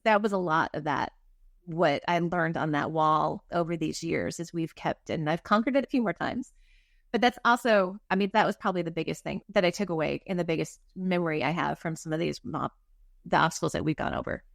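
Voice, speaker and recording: A woman's voice: deep voice, fairly quick, creaky, dry recording. Middle-aged woman telling a story in an interview, acts out what she was thinking, laughs at herself, dry close sound. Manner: lively, acts out her own quoted thoughts, laughs at herself. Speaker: guest author.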